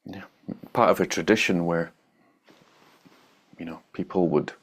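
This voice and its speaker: Casting: man, very low voice, meditation teacher giving a loose, blunt, joking dharma talk. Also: fairly even intonation, a little slow. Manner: blunt, joking, laughs at his own points. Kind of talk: informal spiritual talk.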